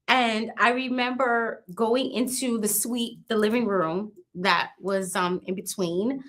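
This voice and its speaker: A woman in her fifties tells a painful personal story in an interview. Her voice sits a little high. She talks haltingly, restarts her sentences and keeps adding small tags. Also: fairly even intonation, a bit bright. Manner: halting, restarts and repeats "you know what I mean". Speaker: interview guest. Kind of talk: emotional personal account.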